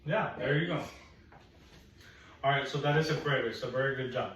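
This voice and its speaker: A man teaching phonics one on one, patient and encouraging, slowly repeating sounds for a young learner in a classroom. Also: medium pitch, fairly bright tone, slight background noise. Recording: echoey room, mic at a distance.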